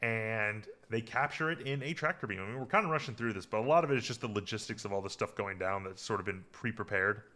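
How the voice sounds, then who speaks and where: A man's voice: lowish voice, quick pace, few pauses, bright, forceful tone. A man hosting a podcast, casually recapping a TV episode in a rambling way, full of fillers and restarts. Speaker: podcast host.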